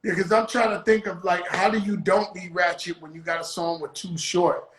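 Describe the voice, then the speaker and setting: A man hosting an interview in a loud, excitable, slang-heavy way. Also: high-pitched, moderate pace. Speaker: interviewer host. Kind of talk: casual interview chat. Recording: echoey room.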